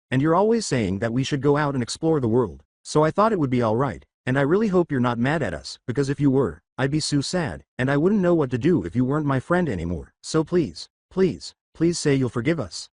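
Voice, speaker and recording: A man reading the lines of an excitable young girl, pleading in a rush. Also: medium pitch, brisk, few pauses, no room sound, studio quality.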